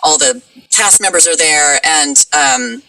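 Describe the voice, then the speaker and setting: A woman guest in a casual chat, talkative and quick to laugh. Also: sits low, big pitch swings, vocal fry, bright, forceful tone, distant mic, rough recording. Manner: chatty, laughs easily. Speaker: guest, voice actress.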